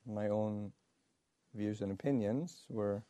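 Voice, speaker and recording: Low, mellow-voiced monk telling a story. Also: male voice, no echo. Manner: halting, many pauses and fillers, chuckling storyteller. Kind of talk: anecdotal dharma talk.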